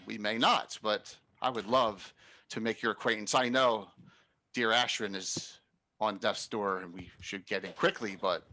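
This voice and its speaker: A man's voice: mid-range voice, pushed and bright. A man voicing a foppish, courteous dandy nobleman with flowery, genial speech in a tabletop game.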